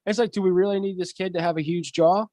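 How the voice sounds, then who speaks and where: A man co-hosting a casual podcast chat, rambling and excitable, full of restarts. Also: high-pitched, fast talker, no room sound. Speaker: podcast co-host.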